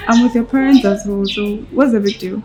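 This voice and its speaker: A woman's voice: mid-range voice, fairly even intonation, brisk, background noise, lightly acted. An actress playing a young woman pressing someone to get to the point. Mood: impatient. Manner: impatient, questioning. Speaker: young woman being confessed to.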